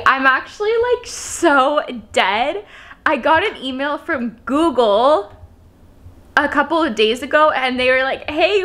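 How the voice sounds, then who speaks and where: A young woman vlogging an unboxing, gushing and breathless with excitement after a workout. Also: sits high. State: post-workout, catching breath.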